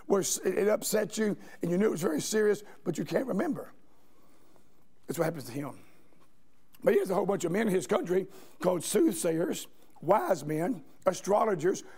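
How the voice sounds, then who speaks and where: A man preaching a sermon, his voice sitting noticeably high. He tells stories and keeps turning to the congregation with questions. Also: a little mellow, husky. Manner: storytelling, asks the congregation questions. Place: church sanctuary.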